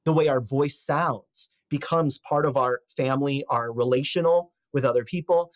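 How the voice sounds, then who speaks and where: A man's voice: medium pitch, normal speed, no room sound. A man in his forties speaking as a podcast guest, giving advice in a reflective, rambling way with fillers and restarts. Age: 40s.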